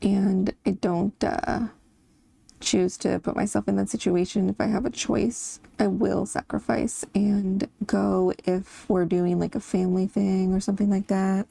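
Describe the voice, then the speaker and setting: A woman in her thirties talks in a loose, rambling way as she colors, stopping now and then to laugh. Her voice has heavy vocal fry and a mellow, darker tone. It is recorded dry and close, with no room sound. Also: mid-range voice, level tone, a little slow, no room sound. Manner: chatty, rambling, laughs often. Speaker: coloring channel host. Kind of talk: casual chat while coloring.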